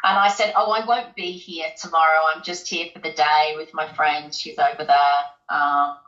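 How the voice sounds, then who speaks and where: A woman from the UK tells her story as an interview guest, chatty and loose, with plenty of ums and false starts. Her voice is bright and clear-toned. The recording sounds roomy and a little dull. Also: deep voice, fairly even intonation, moderate pace. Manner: chatty, many ums and restarts, laughs often. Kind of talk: personal storytelling in conversation.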